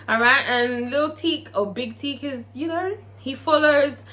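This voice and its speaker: A woman recapping a TV episode in a casual vlog, profane and excitable, tagging her lines with "okay?". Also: high-pitched, unhurried, hardly any pauses. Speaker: TV show reviewer.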